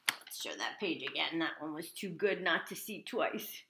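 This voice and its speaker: A woman reading a children's picture book aloud in an animated, expressive way. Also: fairly low pitch, a little slow, background noise. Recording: echoey room.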